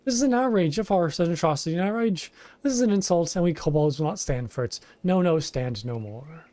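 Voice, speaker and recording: A man squeaking as a frantic little kobold. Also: lively intonation, fairly quick, warm tone, no echo, lightly acted. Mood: indignant. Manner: repeats words in shrill frantic bursts.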